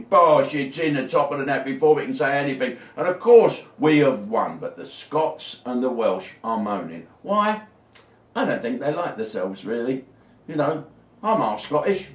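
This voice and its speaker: A middle-aged man from Britain giving a scornful, blunt and profane political rant, his voice rising into shouts. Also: on the high side, distant mic. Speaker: comedian ranting to camera. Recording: echoey room, a bit off-mic.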